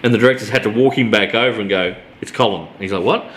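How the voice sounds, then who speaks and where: A man's voice: lowish voice, very fast, fairly bright tone. A man with an Australian accent co-hosting a casual pop culture chat, swearing freely and telling anecdotes. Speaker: co-host.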